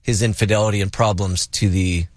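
A man's voice: fairly low pitch, fairly even intonation, a little fast, no echo. Playful male radio host, dry studio sound. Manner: playful, teasing storyteller. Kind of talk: casual radio banter.

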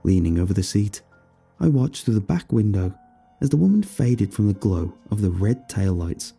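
A man narrating a first-person horror story in a steady storytelling manner. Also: fairly low pitch, normal speed, creaky, breathy edge, faint music behind.

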